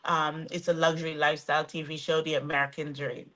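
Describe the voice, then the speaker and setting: A woman guest on a video call, a real estate coach, talking with lively enthusiasm. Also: low-pitched, fast. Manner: lively, enthusiastic, laughs a lot. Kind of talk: casual video call chat.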